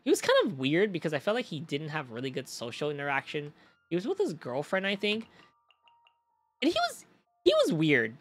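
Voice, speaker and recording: A young man streaming in a casual chat, telling stories in an animated way, swearing freely and talking to his chat. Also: fairly high pitch, brisk.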